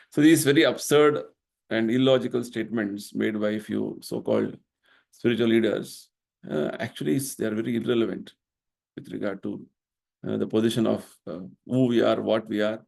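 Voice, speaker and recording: Earnest man lecturing, gravelly voice. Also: medium pitch, normal speed, darkish tone. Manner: earnest and explanatory, tags points with "right?". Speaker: temple vice president giving a spiritual talk. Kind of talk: devotional lecture.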